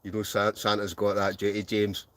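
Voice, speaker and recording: This wild camping channel host, a Scottish man, streams live from his tent with a fairly low, slightly bright voice and no echo. His delivery is completely flat and moderately paced, yet he jokes a lot, laughs often, and reads out viewers' names and comments.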